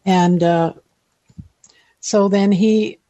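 A woman's voice: mid-range voice, steady tone, very slow, mellow, no echo, highs cut off. Chatty older woman guest, rambling stories. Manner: rambling, chatty, self-deprecating with frequent laughs. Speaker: listener guest. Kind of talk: casual interview storytelling.

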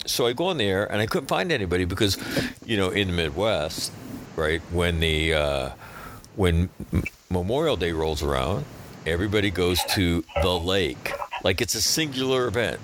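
Animated low-voiced male radio host. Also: moderate pace, background noise. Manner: animated, acts out quoted speech. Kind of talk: casual storytelling.

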